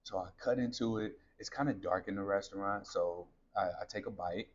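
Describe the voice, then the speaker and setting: Man in his thirties, very low voice, candid storytelling, slightly dull lo-fi sound. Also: fairly quick, slight background noise. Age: 30s. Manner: candid, conversational, addresses listeners as y'all. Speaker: podcast host. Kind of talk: personal storytelling.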